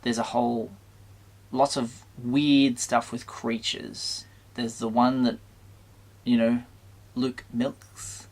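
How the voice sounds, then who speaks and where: A man hosting his own channel, giving a casual, conflicted film review to the camera with many halting restarts. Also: medium pitch, flat delivery, darkish tone. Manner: mildly exasperated, conflicted.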